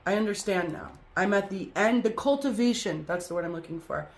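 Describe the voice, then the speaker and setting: A woman's voice: medium pitch, expressive, fairly quick. A woman hosting a spiritual group talk and card reading, speaking in an effusive way with chant-like repetition.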